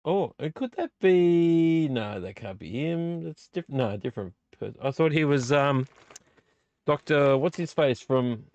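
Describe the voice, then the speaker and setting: A man with a gravelly, creaky mid-pitched voice hosts a late-night live stream, rambling from one thought to the next and poking fun at himself. He sounds a little tipsy from the beer, and his voice comes across close and dry, with no room echo. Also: darkish tone, dull audio. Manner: rambling, chatty, self-deprecating. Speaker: livestream host. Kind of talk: casual live-stream chat.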